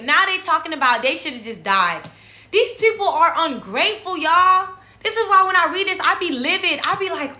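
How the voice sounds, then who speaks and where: A young woman hosting a casual Bible devotion, talking straight to her viewers in an animated, chatty way. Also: extremely high pitch, normal speed. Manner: animated, talks to viewers as "y'all". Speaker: devotional host.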